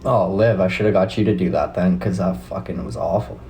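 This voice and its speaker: A young man with a Canadian accent talks loosely to his stream audience, relaxed and swearing now and then. His voice sits deep and dark in tone. A faint hiss of noise runs underneath. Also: brisk, low-quality recording. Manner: laid-back, swears casually, chats with viewers. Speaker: livestream host. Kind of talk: casual live-stream chat with viewers.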